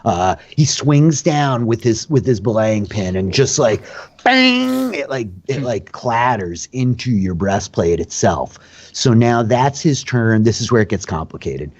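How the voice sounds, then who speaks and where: A man's voice: on the low side, expressive, a little slow, darkish tone. A man narrating a tabletop game as dungeon master, talking loosely with lots of "like" and fillers.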